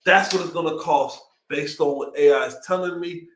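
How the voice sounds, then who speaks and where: A young man with a Texan accent hosting a casual livestream, excitedly reading out numbers and riffing on them. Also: fairly high pitch, normal speed, reverberant. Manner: excitable, hyped, reads figures aloud and riffs. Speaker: livestream host.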